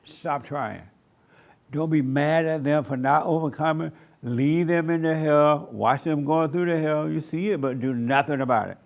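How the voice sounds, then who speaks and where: A man preaches a sermon to a small church gathering, his raised voice running with a gravelly rasp. He hammers home short commands again and again and drags out key words slowly for weight. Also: on the high side. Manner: emphatic, repeats short commands. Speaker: pastor. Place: church meeting room.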